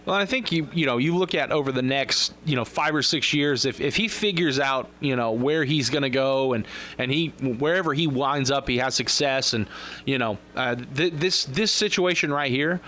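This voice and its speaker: A man's voice: mid-range voice, moderate pace, bright, forceful tone, slight background noise. A man co-hosting a sports radio show, joking and rambling with frequent restarts. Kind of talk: casual sports radio banter.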